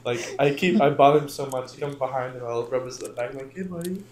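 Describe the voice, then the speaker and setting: A man's voice: mid-range voice, little pitch movement, quick pace, darkish tone, slight background noise. A young man hosts a podcast with a playful, teasing manner, often laughing as he talks. His voice rings around a roomy, echoey space. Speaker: podcast host. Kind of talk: casual chat.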